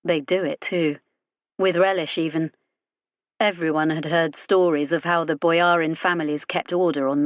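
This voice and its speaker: Narrator: woman, lowish voice, wry even delivery, dry close recording. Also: no room sound. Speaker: audiobook narrator. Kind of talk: scripted narration.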